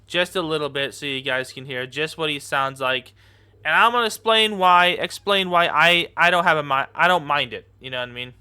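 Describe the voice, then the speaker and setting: A man giving casual reaction commentary, rambling and repeating himself with lots of fillers, and quick to laugh and get excited. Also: a little high, smooth. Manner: gets excited and laughs easily. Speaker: YouTube commentator.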